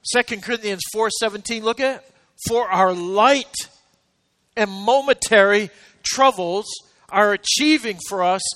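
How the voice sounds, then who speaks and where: A man's voice: high voice, normal speed, fairly bright tone, dry recording. A man preaching a sermon to a congregation, reading scripture with rising emphasis, breaking off for joking asides and urging the people to say amen. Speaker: pastor.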